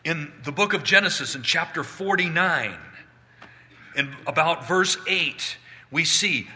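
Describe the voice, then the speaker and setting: Brief: male preacher, vivid storyteller, sharp bright tone, echoing recording. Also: a little high, expressive, measured pace. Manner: dramatic storytelling with swings in volume. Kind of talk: sermon, Bible teaching. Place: outdoors.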